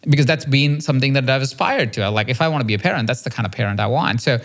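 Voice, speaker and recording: A man hosting a podcast interview, telling a personal story in an earnest, reflective way with casual "like" and "right?" fillers. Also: racing. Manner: acts out quoted dialogue with a raised, lively pitch. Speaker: podcast host.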